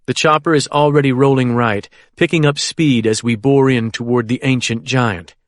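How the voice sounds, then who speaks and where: A man's voice: medium pitch, steady tone, normal speed, no room sound, clean studio sound. Man narrating a thriller audiobook.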